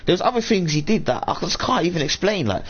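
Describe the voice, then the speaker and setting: Fast and sing-song, a man's high-pitched, slightly rough voice carries a long, rambling live-stream rant, full of swearing and loudly quoted remarks from others. Audio is dull and lo-fi, with a faint hum from the room.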